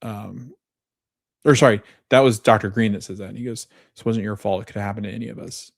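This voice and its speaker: A man's voice: fairly low pitch, fairly even intonation, fast, vocal fry, no room sound, clean studio sound. A man hosting a podcast, retelling scenes in casual chat, reading quoted lines and often correcting himself. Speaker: podcast host.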